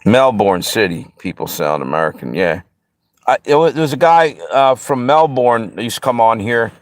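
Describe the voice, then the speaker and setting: A man's voice: medium pitch, animated, moderate pace, no echo, studio quality. Easygoing man chatting on a live stream. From Pennsylvania and Delaware area. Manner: easygoing, rambling, talks straight to the chat. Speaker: livestream host. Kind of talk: casual live-stream chat answering viewers.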